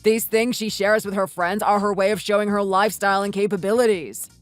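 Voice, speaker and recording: A woman voicing an impatient young husband in a voiced texting story, dropping her voice lower and speaking curtly. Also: fairly even intonation, brisk, no echo, faint music behind, close to an everyday voice. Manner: lowered voice, curt and scolding.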